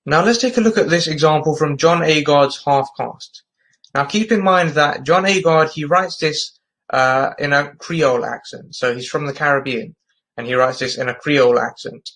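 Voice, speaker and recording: A man's voice: a little high, normal speed, fairly bright tone, poor audio. A man with a London accent explaining a topic in a patient, methodical lesson. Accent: London English. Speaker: English tutor.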